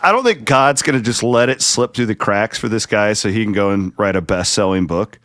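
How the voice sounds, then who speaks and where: A low-pitched man with a Midwestern American accent hosts a casual podcast chat. He jokes and rambles, often cutting himself off mid-sentence. His voice sounds dry and close, with no room echo. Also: brisk, fairly bright tone. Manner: chatty, jokey, self-interrupting. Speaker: podcast host.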